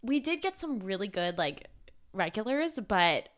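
A woman's voice: medium pitch, sing-song, a little slow. Playful young woman trading jokes. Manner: playful, jokey banter. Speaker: podcast co-host. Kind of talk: casual chat.

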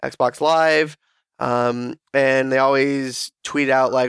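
A man's voice: medium pitch, slow, gravelly, clear, resonant tone, dry recording, clean studio sound. A man hosting a casual gaming podcast, telling crude, joking stories with lots of energy. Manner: crude, joking, animated storytelling. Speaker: podcast host.

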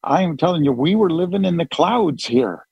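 A man's voice: a little high, lively intonation, moderate pace, a little mellow, husky, dry recording, highs cut off. A man hosting a group call, chatting casually and joking at his own expense. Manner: chatty, joking, self-deprecating. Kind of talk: casual chat.

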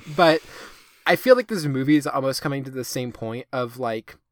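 A man's voice: mid-range voice, animated, moderate pace. A man co-hosting a podcast in casual chat, rambling with lots of fillers and casual swearing. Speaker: podcast co-host.

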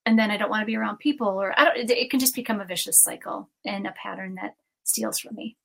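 A woman co-hosting a casual faith-based podcast chat, animated and prone to repeating phrases, laughing often. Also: medium pitch, quick pace, gravelly, husky. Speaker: podcast co-host.

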